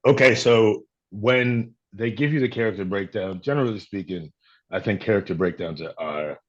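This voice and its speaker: A man from Chicago, an actor being interviewed, talking reflectively and telling stories in a relaxed way. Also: sits low, lo-fi sound. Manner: reflective, storytelling with quoted voices. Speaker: actor guest. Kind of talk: casual interview talk.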